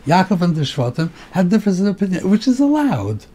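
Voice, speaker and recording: A man's voice: high voice, big pitch swings, fast, dark tone. A rabbi giving a Torah lecture, mixing Hebrew terms into English and often repeating words as he thinks.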